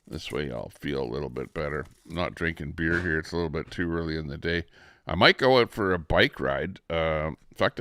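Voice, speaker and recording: Man, livestream host, rambling and full of fillers, bright forceful tone, smooth clear voice. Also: low-pitched, no room sound. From Canada. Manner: rambling, heavy on fillers and restarts. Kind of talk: casual live-stream commentary.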